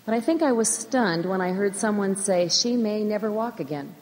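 A middle-aged woman who teaches school, giving a measured, earnest personal faith testimony in a church. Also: medium pitch, expressive, darkish tone. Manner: earnest, measured, emphatic repetitions. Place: church sanctuary. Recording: long church hall reverb.

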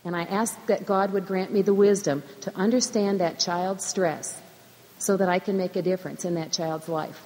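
A woman's voice: medium pitch, darkish tone. Middle-aged woman giving earnest church testimony. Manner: earnest, measured, emphatic repetitions. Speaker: public school teacher. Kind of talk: personal faith testimony in church. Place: church sanctuary. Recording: long church hall reverb.

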